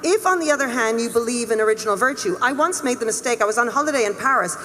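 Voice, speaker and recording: A woman's voice: a little high, animated, fast, bright, forceful tone, slight background noise. A middle-aged woman, a head teacher, giving an emphatic, earnest speech to a summit audience in a conference hall. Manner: emphatic, earnest, with laughs and restarts. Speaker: head teacher speaking on a panel. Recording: long echo of a large hall.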